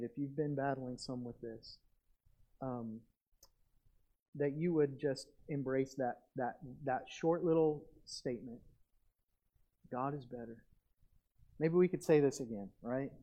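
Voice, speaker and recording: A man preaching a sermon as pastor, earnest and conversational, with animated asides. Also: medium pitch. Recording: dull lo-fi recording.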